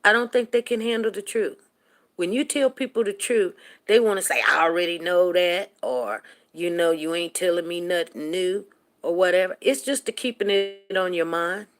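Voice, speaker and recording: A woman's voice: fairly low pitch, fairly bright tone. A woman hosting a casual livestream, talking straight to her viewers in an emphatic, preachy way. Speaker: livestream host.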